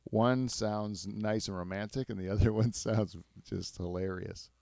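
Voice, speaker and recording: A man hosting a podcast in casual, rambling chat, self-mocking and quick to laugh. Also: fairly low pitch, steady tone, vocal fry, dark tone, no echo. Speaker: podcast host.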